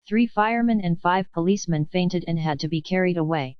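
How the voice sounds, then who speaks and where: A woman narrates a children's audiobook in a steady, even reading. Her voice is low and smooth. The recording is dry and a little muffled. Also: fairly quick, few pauses, no echo. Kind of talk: scripted narration. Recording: dull dry studio recording.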